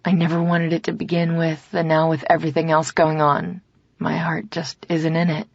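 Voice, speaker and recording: Woman voicing a hushed young male lover. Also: completely flat delivery, normal speed, no room sound, lo-fi sound. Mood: hushed tender. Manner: hushed, low and tender. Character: brooding young male musician lover, soft-spoken.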